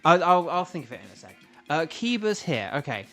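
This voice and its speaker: A man's voice: a little high, sing-song, fairly quick, pushed and bright, faint music behind. A young British man chatting casually to his stream while playing a video game, rambling with lots of fillers and restarts. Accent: British English. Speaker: streamer and voice actor. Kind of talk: casual gaming livestream chat.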